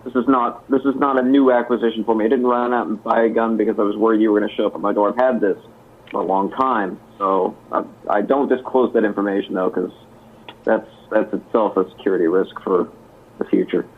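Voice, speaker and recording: A man with a fairly low, husky voice, speaking guardedly and restarting his sentences. The audio is thin and tinny, like a phone line. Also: fairly even intonation, fairly quick. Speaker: participant on a group call. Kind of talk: casual call chat. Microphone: computer mic on a video call. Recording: tinny internet call audio.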